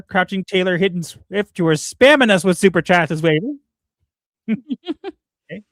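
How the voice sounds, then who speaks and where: A man with a notably high speaking voice hosts a livestream and reads viewer messages aloud, joking and teasing as he goes. He stumbles over his words and restarts often. The sound is close and very dry. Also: very animated, a little slow, long pauses, dry recording. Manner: stammering restarts, playful and teasing. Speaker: livestream co-host. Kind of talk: casual chat, reading out viewer messages.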